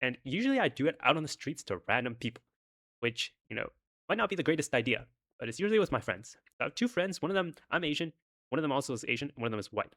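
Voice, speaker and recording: A man's voice: medium pitch, sing-song, fast talker, a bit bright. A young man casually telling a rambling personal story, with many fillers.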